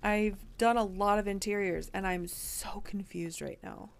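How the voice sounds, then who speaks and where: A woman's voice: medium pitch, steady tone, unhurried, gravelly. A woman streamer talking in character during a game roleplay, frustrated and rambling, swearing often and full of fillers.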